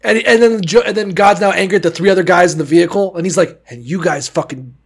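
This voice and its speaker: A man's voice: high-pitched, fairly even intonation, fast, creaky. A man in casual chat, riffing absurd, crude comedic scenarios with a co-host. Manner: riffs with absurd crude jokes. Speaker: podcast co-host.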